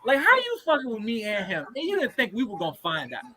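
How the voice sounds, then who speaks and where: A man's voice: extremely high pitch, wildly swooping pitch, fast, a crowd in the background, rough recording. A man in his thirties telling a story in casual, profane chat as a podcast co-host. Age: 30s.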